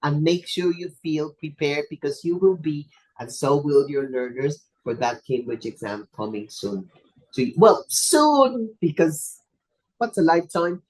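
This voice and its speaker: A hoarse presenter, fighting a cough, wraps up an online teacher webinar in a loose, playful way. They joke at their own expense. The voice comes through a computer mic on a video call. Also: mid-range voice, lively intonation, a little slow, a little mellow, rough recording. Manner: chatty, playful and self-deprecating. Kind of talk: casual online webinar wrap-up. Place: video call from a home or office.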